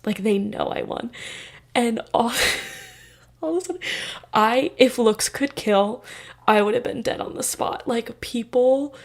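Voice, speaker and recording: A young woman in her twenties, a podcast host telling a personal story in a casual, animated way, full of fillers and acted-out voices. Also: mid-range voice, gravelly.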